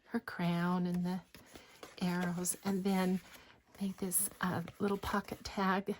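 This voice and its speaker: A woman narrating a craft journal flip-through in a gentle voice that often drops into a breathy whisper. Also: fairly low pitch, monotone, takes it slowly. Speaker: craft designer showing a journal. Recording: faint background noise.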